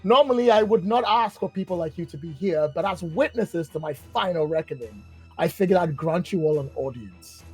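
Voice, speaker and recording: A man's voice: fairly high pitch, animated, slightly rough, faint music behind. A man voicing a grandiose male villain who rules a dream realm, theatrical and gloating. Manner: theatrical, gloating, slow and measured.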